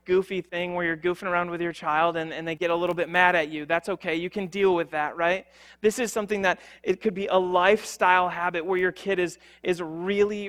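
A man's voice: sits high, a bit bright. A young man preaching a sermon as a pastor, earnest and conversational, with frequent fillers and restarts.

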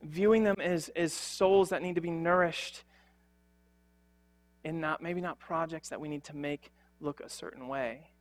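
A man's voice: on the high side, steady tone, measured pace. A young man preaching a sermon as a pastor, earnest and conversational, with frequent fillers and restarts.

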